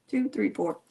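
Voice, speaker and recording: Against a noisy background, a woman with a slightly high voice and some vocal fry chats with live viewers as she bakes. She rambles and pokes fun at herself, speaking to viewers by name and laughing often in this casual home-baking stream.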